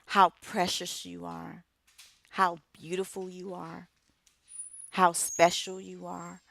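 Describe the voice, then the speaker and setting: A middle-aged woman, an author and radio co-host, giving an inspirational speech with emphatic, measured phrasing and dramatic pauses. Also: lowish voice, little pitch movement, gravelly, fairly bright tone, no room sound.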